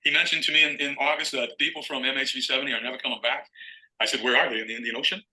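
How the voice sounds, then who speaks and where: A man's voice: mid-range voice, steady tone, rapid-fire, bright, forceful tone, low-quality recording. A middle-aged man telling a long story in an interview as a guest author, acting out phone calls as he goes.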